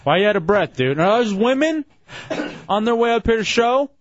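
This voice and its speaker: A man hosting a radio show from the studio, fast and joking with callers and co-hosts. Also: sits high, very animated, no echo. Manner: brash, joking, fast patter. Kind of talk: casual radio banter. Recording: slightly muffled radio broadcast.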